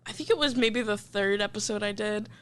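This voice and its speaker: A woman comedian hosting a podcast in loose, self-deprecating casual chat, quick to laugh. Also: medium pitch, clear, resonant tone.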